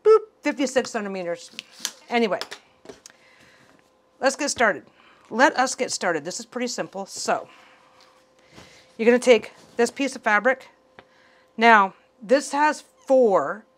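Chatty woman with a high voice. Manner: excitable, rambling, repeats herself. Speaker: quilting channel host. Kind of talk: casual sewing tutorial.

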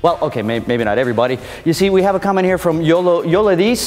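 A man's voice: fairly high pitch, darkish tone, long reverb tail. Playful mock-indignant male comedy host. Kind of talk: comedic scripted presentation.

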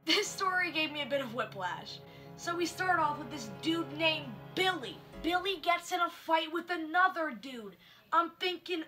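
A young woman giving a sarcastic, animated comedic commentary on a book of stories, with mock outrage. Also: very high voice, moderate pace. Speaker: book reviewer. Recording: faint music underneath.

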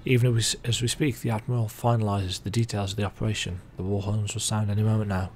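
A man's voice: fairly low pitch, flat delivery, fast talker, a little mellow, natural voice. A man reading the lines of a weary, solemn naval officer in a game. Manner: read-out game dialogue.

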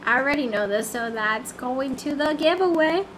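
A woman livestreaming a game in casual chat, excitable and repeating herself in bursts of confused exclamations. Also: high-pitched, normal speed, a little hiss or hum.

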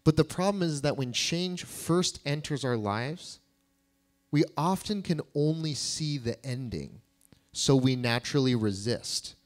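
A man's voice: mid-range voice, lively intonation, a little slow. Man preaching a casual sermon. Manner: casual and conversational, joking with the congregation. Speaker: pastor.

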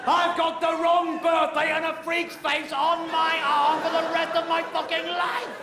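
An English man doing stand-up, telling a story in an exasperated, sweary way that bursts into shouting. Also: very high-pitched, little pitch movement, a little slow, crowd noise, noisy background. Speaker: stand-up comedian. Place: comedy stage before a live audience. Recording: echoey live venue with loud audience. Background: audience laughter.

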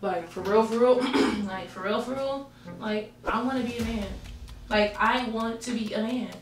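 A young woman in a prank skit, talking in deliberately lowered tough-guy street slang. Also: distant mic. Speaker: prankster, co-host. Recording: echoey room, off-mic, faint music.

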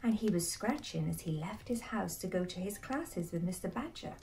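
Woman storyteller, soft hushed bedtime narration, mellow tone, slightly distant mic. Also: lowish voice, lively intonation, normal speed, gravelly, hardly any pauses.

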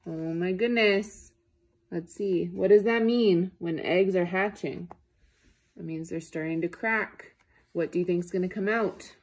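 Husky woman reading to young children. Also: on the low side, measured pace. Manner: gentle questions to young listeners. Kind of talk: children's read-aloud.

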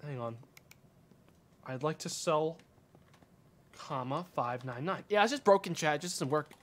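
A male streamer giving live game commentary, exasperated and swearing, with sudden yells. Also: a little high, lively intonation, measured pace.

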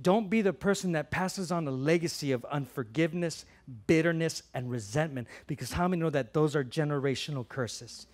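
A middle-aged man preaching a sermon as pastor, passionate, swinging from loud emphatic lines to quiet earnest ones and repeating phrases for emphasis. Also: fairly high pitch, fairly quick, few pauses.

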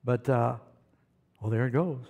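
A man preaching a sermon, animated and questioning the congregation, calling for amens. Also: medium pitch, a little slow. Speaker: pastor.

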